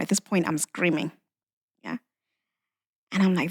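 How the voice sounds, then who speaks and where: A woman's voice: on the low side, sing-song, moderate pace, long pauses. A woman guest on a podcast, telling a personal story with emotion and acting out dialogue, often saying "you know.".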